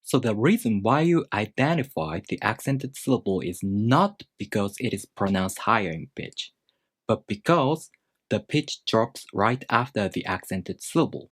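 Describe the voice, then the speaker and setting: A male language teacher with a low, lively voice delivers a scripted explanatory lesson, speaking deliberately and demonstrating pitch aloud. The recording is dry and studio quality.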